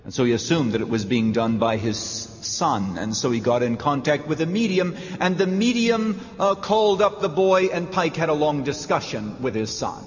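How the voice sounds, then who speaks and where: A man preaching a sermon in a church, emphatic, with dramatic pauses. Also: a little high, expressive. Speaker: pastor. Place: church sanctuary. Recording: reverberant church hall, dull lo-fi sound.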